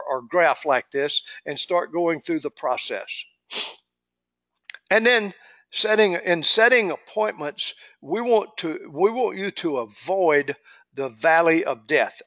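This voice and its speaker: A folksy man teaches a sales training, his voice a little high for a man and recorded dry and close. He repeats himself, stumbles over words and acts out both sides of phone calls. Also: fairly bright tone, dry recording.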